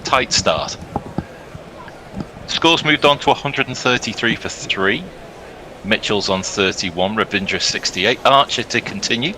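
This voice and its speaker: A male cricket commentator giving brisk, upbeat ball-by-ball commentary and laughing easily. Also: fairly low pitch, background noise.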